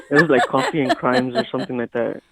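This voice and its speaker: A man guesting on a podcast, laid-back and laughing between remarks in casual chat. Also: medium pitch. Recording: noisy recording.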